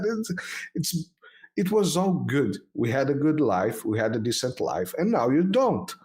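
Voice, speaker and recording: A man's voice: medium pitch, sing-song, measured pace, darkish tone. A man hosting a casual political talk show, speaking sarcastically and acting out imagined back-and-forth arguments. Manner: sarcastic, acts out imagined dialogues.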